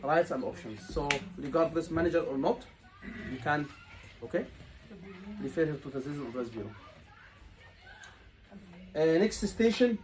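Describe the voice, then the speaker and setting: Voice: mid-range voice, lively intonation, normal speed, pauses often, darkish tone, a little hiss or hum, rough recording. A tutor coaching a room of students, repeating key points and asking rhetorical questions. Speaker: exam tutor. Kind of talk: live teaching session.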